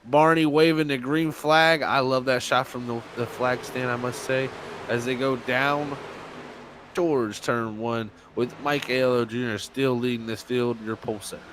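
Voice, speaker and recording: A man's voice: medium pitch, fairly even intonation, normal speed, noisy background. A man calling a sim racing event as play-by-play commentator, chatty and laughing between his remarks.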